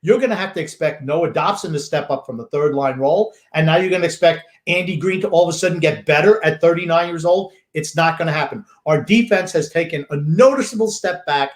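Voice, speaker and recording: A man's voice: a little high, fairly quick, hardly any pauses. A man co-hosting a sports podcast, talking bluntly and grumpily in casual chat. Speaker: podcast co-host. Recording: echoey room.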